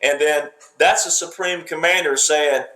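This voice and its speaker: A man's voice: a little high, fairly even intonation, unhurried, sharp tone. Emphatic man lecturing in an echoey room. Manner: emphatic, repetitive, speaks in fragments. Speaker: commentator. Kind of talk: lecturing political commentary. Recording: roomy echo.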